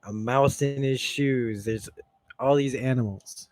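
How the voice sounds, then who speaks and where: A man's voice: mid-range voice, slow, a little mellow, no echo. Rambling, enthusiastic man recapping a show. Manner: rambling, enthusiastic, laughs often. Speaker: host. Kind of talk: stream-of-consciousness TV recap. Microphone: streaming setup mic.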